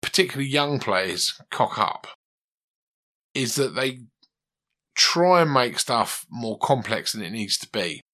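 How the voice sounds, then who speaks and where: Guy teaching guitar, bright voice, chatty and coaching. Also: medium pitch, very animated, measured pace. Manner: chatty, coaching, asks questions. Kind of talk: conversational one-to-one lesson.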